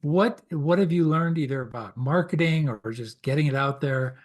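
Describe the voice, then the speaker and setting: A man's voice: a little high, normal speed. A man hosting an interview, asking an author questions and encouraging him. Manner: friendly, encouraging prompts. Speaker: interview host.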